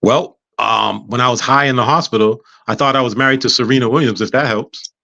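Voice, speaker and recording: Male guest, storyteller, bright forceful voice, funny, dry and dull lo-fi recording. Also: medium pitch, brisk, gravelly, dry recording. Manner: humorous, animated storyteller, acts out dialogue. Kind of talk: casual storytelling interview. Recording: dull lo-fi sound.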